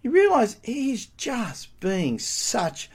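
Lively preacher man. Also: very high voice, extremely slow, breathy edge. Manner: animated, rhetorical questions, emphatic. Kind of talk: sermon.

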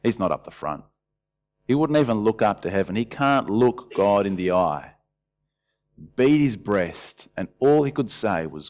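A man's voice: mid-range voice, moderate pace, lo-fi sound. A man preaching a sermon in a conversational way, often acting out voices. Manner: lively, conversational, often acts out quoted voices. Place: church hall.

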